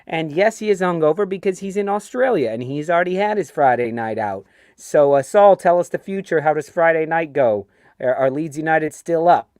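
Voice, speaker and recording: A man's voice: fairly high pitch, lively intonation, moderate pace, darkish tone, clean tone, no echo, studio quality. Chatty New York man hosting a stream. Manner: chatty, ranting, reads viewer comments aloud. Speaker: host of a fan show. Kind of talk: casual live-stream chat.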